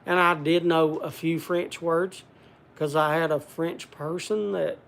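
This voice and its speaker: A man's voice: a little high, steady tone, a little slow, gravelly, fairly bright tone. An older man hosting a casual livestream, rambling in a folksy country way and answering viewer comments. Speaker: livestream host.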